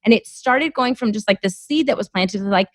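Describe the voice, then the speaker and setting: Woman in her thirties, podcast guest, chatty, lots of "like", mid pitch, dry close mic. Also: a little fast, dry recording. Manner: chatty, heavy use of "like", animated storytelling. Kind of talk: casual interview chat.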